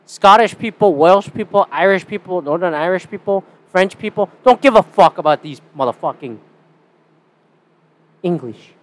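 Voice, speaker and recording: A young Canadian man talks alone into a podcast mic in a loose, rambling rant. He swears constantly and drifts between sarcastic asides. His voice sits a little above the usual male pitch. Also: expressive, normal speed. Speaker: podcast host. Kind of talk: casual solo podcast rant.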